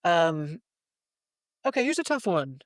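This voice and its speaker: A man's voice: fairly high pitch, sing-song, slow, dry recording, studio quality. A man hosting a casual podcast, chatty and joking as he leads each segment. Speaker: podcast co-host. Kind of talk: casual chat.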